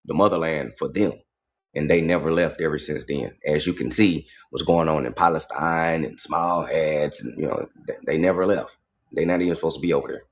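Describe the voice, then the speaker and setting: A man hosting a casual livestream, reading passages aloud and commenting on them in streetwise slang, with profanity and points repeated for emphasis. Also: extremely low pitch. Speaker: livestream host.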